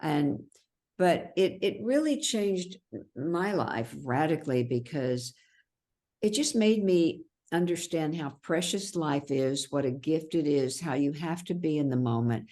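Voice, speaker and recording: A woman's voice: low voice, animated, measured pace, warm tone. A woman being interviewed about her memoir, speaking earnestly and reflectively, often stopping and restarting her sentences. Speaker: interview guest, memoir author. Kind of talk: conversational interview.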